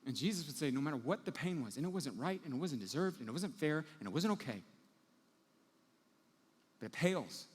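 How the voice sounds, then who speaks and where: A man's voice: on the high side, breathy edge. A male pastor preaching a sermon to a live audience in a large hall, in a casual storytelling manner and acting out the people in his story. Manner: casual storytelling, acts out quoted characters. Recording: long reverb of a large hall.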